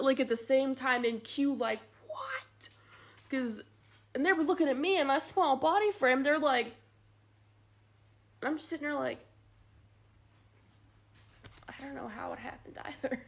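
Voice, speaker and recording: Chatty young woman with a gravelly voice. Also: fairly high pitch. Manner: animated, rambling with many "like"s. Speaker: vlogger. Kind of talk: casual storytelling.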